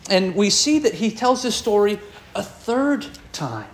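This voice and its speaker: High-voiced man preaching a sermon. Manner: expressive preaching, pitch swinging high and low with pauses. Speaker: pastor.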